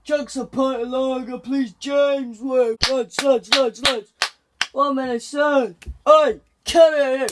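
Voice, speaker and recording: A man's voice: very high voice, fairly even intonation, slow pace, heavy background noise, voice pushed up. A young man playing rowdy drunk lads chanting. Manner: shouting, chanting, boisterous.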